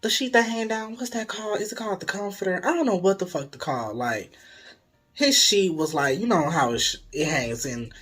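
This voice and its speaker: Speaking briskly in a mid-range, slightly rough voice, a young adult vlogger tells viewers a story. It's casual and animated, full of free swearing and sudden dramatic whispers, with faint music in the background.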